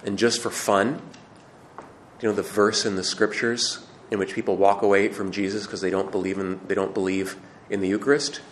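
A man's voice: fairly low pitch, level tone, normal speed, a little hiss or hum. A man giving a conversational teaching talk to a live audience, asking questions and building to emphatic, raised passages. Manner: frequent restarts and repetitions. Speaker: Catholic teacher or speaker.

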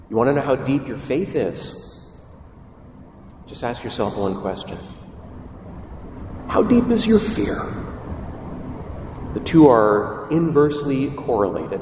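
A man preaching a sermon as a priest, lively and full of rhetorical questions. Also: medium pitch, a little hiss or hum. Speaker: Catholic priest. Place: church. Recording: echoey church heard from far off.

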